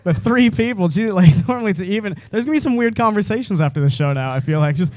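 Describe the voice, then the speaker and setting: High-voiced American stand-up comic. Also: male voice, quick pace, hardly any pauses. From United States. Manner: rambling, animated, swearing, chuckling at own jokes. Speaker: stand-up comedian. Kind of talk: stand-up comedy set. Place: comedy club stage.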